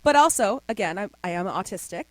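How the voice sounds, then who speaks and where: A woman's voice: mid-range voice, a little fast, no room sound. A young adult woman as a podcast guest, telling stories in casual chat and slipping into voices now and then. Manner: animated storyteller, slips into voices.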